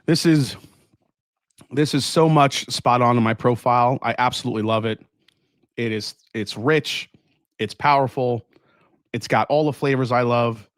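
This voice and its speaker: A relaxed, enthusiastic man chats on a whiskey livestream, reading viewer comments as they come in. His voice sits at an ordinary male pitch and is heard close and dry, with no room sound around it. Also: unhurried, long pauses, no room sound. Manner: relaxed, enthusiastic, laughs often. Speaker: whiskey channel host. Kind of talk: casual livestream chat, reading super chats.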